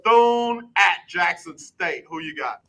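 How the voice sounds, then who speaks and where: Bright high-voiced radio host. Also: male voice, lively intonation, poor audio. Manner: brisk, quizzing back and forth, rhythmic repetition. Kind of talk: casual sports talk radio.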